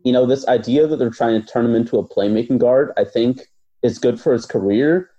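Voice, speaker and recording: A man's voice: medium pitch, brisk, warm tone, lo-fi sound. A man co-hosting a basketball podcast, talking through his views in a casual, thoughtful way with many fillers and hedges. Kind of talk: casual analytical chat.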